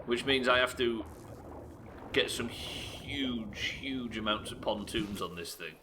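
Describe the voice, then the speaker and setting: A young man livestreams a building game, narrating his play and bantering with viewers in an animated, sweary, self-mocking way. His voice is medium-pitched and slow-paced, with background noise behind it.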